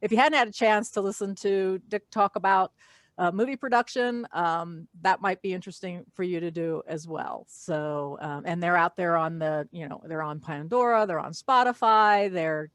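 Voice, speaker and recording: A woman's voice: fairly low pitch, moderate pace, no echo. A woman hosting an art podcast, chatting casually and giving friendly tips to her listeners as she wraps up. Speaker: podcast host. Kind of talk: casual chat.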